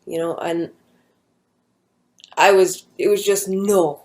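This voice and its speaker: A woman's voice: on the low side, steady tone, slow pace, a little mellow, slight background noise. A young woman talking at home, telling a personal story in a rambling casual way with many fillers and restarts. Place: at home with her dog nearby.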